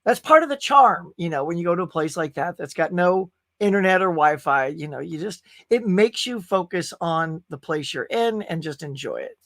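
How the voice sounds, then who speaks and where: A man's voice: on the high side, lively intonation, normal speed, hardly any pauses, a bit bright. A middle-aged man hosting a casual live stream, chatty and upbeat as he reads out viewers' comments. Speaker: host.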